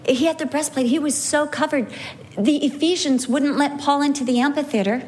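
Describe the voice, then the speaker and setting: A middle-aged woman teaching from the Bible, telling lively stories and slowing down to stress key points. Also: high voice. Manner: animated storyteller, slows for emphasis. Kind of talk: sermon teaching with anecdotes.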